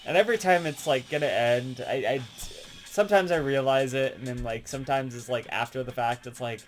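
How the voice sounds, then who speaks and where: Speaking fairly quickly in a mid-range voice, a gaming channel host chats with casual excitement about his favorite game. He swears heavily, laughs frequently, and there's soft music faintly behind him.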